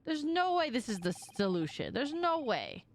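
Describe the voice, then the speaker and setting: A woman's voice: high-pitched, huge pitch swings, normal speed. Joking, blunt woman streamer. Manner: blunt, joking, swears casually. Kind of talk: casual live-stream commentary over a game.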